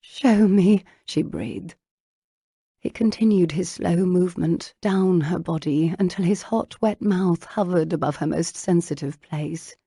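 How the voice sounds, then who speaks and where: A woman reading a romance audiobook in a slow, intimate, hushed narration style. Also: fairly low pitch, creaky, slightly rough, no echo, clean studio sound.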